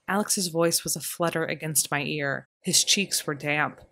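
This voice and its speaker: A woman narrating a historical romance audiobook in a measured first-person reading. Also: low-pitched, creaky, bright, forceful tone. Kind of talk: scripted narration.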